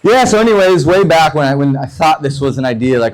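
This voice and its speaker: Profane storytelling comedian, loose and chatty. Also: male voice, fairly high pitch, animated, poor audio. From United States. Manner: loose, profane storytelling with quick voiced asides. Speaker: stand-up comedian. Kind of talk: stand-up comedy set.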